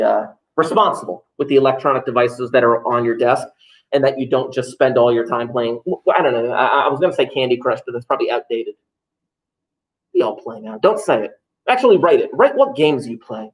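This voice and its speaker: A man's voice: medium pitch, rough recording. A man, a math teacher joking through first-day rules for his class. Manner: joking, offhand, self-mocking asides. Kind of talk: classroom talk to students, livestreamed.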